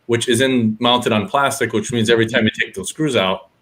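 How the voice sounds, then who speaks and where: A man's voice: medium pitch, a little fast, a bit bright. A man co-hosting a casual hobby podcast who explains points at length and grumbles about fiddly builds. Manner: complaining, explanatory. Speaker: podcast co-host. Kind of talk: casual chat.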